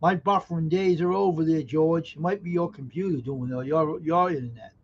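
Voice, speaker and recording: A Southern American man with a slightly high voice talks fairly fast while hosting a live stream from home, joking around and reading viewer comments. His manner is folksy and playful, and he speaks straight to the people in chat. The stream audio is dull and lo-fi.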